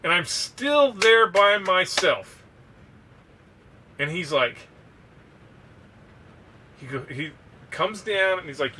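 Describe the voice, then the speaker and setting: A man co-hosting a podcast, telling a story in a loose, profane, animated way. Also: sits high, slow pace, long pauses, recorded from a distance, slight background noise. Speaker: podcast co-host. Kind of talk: casual storytelling.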